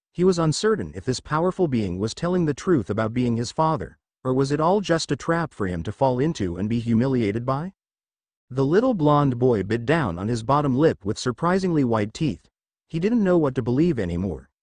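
Man, story narrator, fan fiction reading, animated pitch, dry close sound. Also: no room sound.

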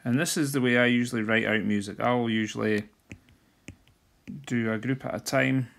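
A man's voice: mid-range voice, fairly even intonation, normal speed, vocal fry. A man, teaching drumming theory in a screen-recorded walkthrough and talking as he writes. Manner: talks while writing, sings drum rudiments softly.

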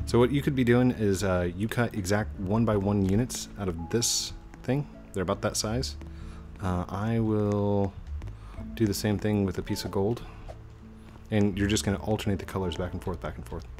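A man's voice: lowish voice, moderate pace, a little mellow, soft background music. A man hosting a gaming video, joking, laughing often and explaining each step as he plays. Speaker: gaming channel host. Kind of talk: casual gameplay chat.

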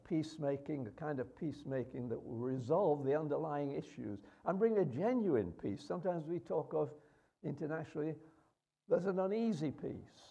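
A man's voice: medium pitch, gravelly, mellow, husky, highs cut off. A man preaching a sermon in a conversational way, with rhetorical questions and hesitations.

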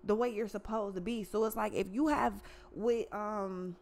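A woman's voice: mid-range voice, steady tone, moderate pace, darkish tone. A woman giving a casual tarot reading in a blunt, profane, slangy way. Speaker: tarot reader.

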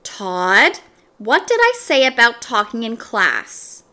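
A woman's voice: fairly high pitch, big pitch swings, slow pace, bright, forceful tone, heavily acted. Woman voicing a strict, scolding schoolteacher. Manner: stern, scolding.

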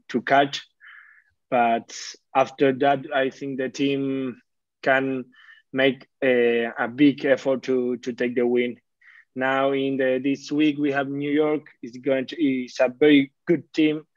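A young Argentine man, a rugby player whose first language is Spanish, answering interview questions in simple, halting English with an Argentine Spanish accent. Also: mid-range voice, little pitch movement, no echo, highs cut off.

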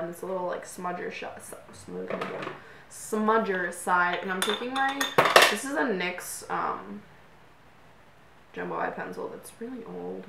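A young beauty vlogger with a gravelly mid-range voice rambles through a get-ready-with-me makeup chat, using plenty of fillers. A distant camera mic picks her up with roomy echo and faint noise.

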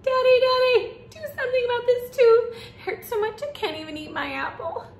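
A woman voicing a little boy with a sore loose tooth, squealing high wails in a read-aloud storybook. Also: lively intonation, brisk, creaky, reverberant, slight background noise. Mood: wailing.

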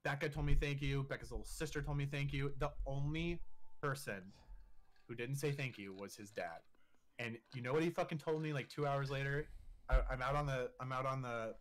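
A man's voice: mid-range voice, a little fast. A man in his twenties, a podcast guest telling a story in casual, profane talk full of filler words and laughing through the funny parts.

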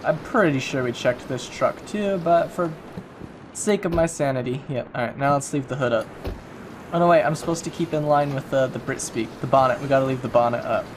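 A gaming YouTuber gives casual, jokey let's-play commentary, chatting away and talking to himself while he plays. He speaks fairly quickly at a medium pitch, with background noise present.

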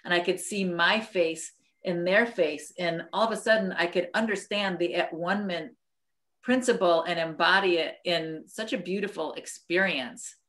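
A woman's voice: fairly low pitch, normal speed, fairly bright tone. A middle-aged woman leading a study group over a video call, sharing a personal story in an earnest, reflective way with frequent restarts.

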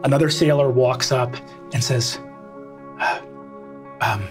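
A man's voice: mid-range voice, a little slow, music in the background. A man narrating as game master, loose and casual with frequent fillers. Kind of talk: improvised tabletop game narration.

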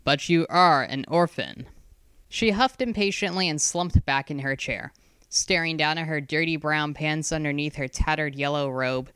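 Smooth, measured audiobook narrator. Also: medium pitch, a bit bright, dry recording, clean studio sound. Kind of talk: scripted narration.

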